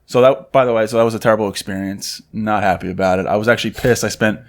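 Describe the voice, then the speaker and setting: A man's voice: fairly low pitch, steady tone, fast. A young man co-hosting a podcast, chatting casually and telling a story in which he acts out what others said with a mocking edge. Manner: storytelling, acting out quotes in a mocking tone. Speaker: podcast co-host. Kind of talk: casual chat.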